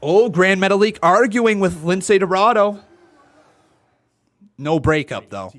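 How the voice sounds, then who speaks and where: A man hosting a wrestling watch-along stream, reacting with excitement and reading out viewers' chat messages. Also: high-pitched, measured pace. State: out of breath. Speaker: live-stream host.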